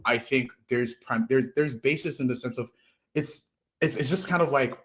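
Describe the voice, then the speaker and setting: A man's voice: mid-range voice, moderate pace. Rambling American man in casual chat. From United States. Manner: rambling, restarts phrases, lively swings in loudness.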